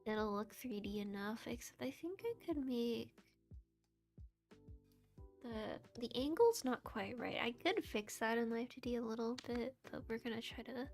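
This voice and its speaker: Young woman, high voice, unhurried, giggly, self-deprecating, casual stream chat. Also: animated. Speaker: VTuber streamer and model rigger. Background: soft background music.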